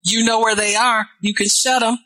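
A woman's voice: fairly high pitch, level tone, moderate pace, dry recording, low-quality recording. A woman preaching a sermon, reading scripture aloud and breaking in with questions to the congregation, her voice climbing as she builds. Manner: call-and-response asides, rising to shouts.

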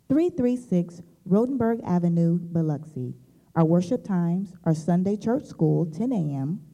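A woman reading a scripted radio announcement about service times in a measured, informative way. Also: on the low side, mellow, poor audio.

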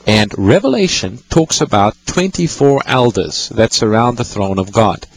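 Male call-in host with a husky voice, patiently teaching scripture to callers. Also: lowish voice, animated, moderate pace, low-quality recording. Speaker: radio Bible-teaching host. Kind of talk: call-in radio Bible teaching.

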